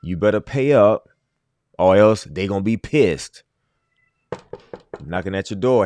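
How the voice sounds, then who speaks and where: Male livestream host with a lowish voice, dry sound, emphatic casual delivery that hammers his points home. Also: expressive, unhurried, long pauses, a little mellow, no room sound.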